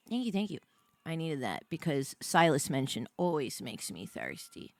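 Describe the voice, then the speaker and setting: An American woman streamer chatting casually on a live stream, jet-lagged and tired, rambling with many fillers and bursts of excitement. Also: low voice, moderate pace, no echo. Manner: excitable, rambling, many fillers, swings between mumbling and squealing.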